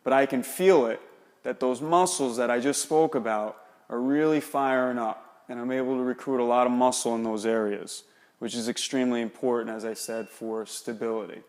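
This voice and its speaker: A man's voice: mid-range voice, steady tone, normal speed, darkish tone, in a large hall. A man, an exercise specialist, explaining and demonstrating shoulder exercises in a coaching manner.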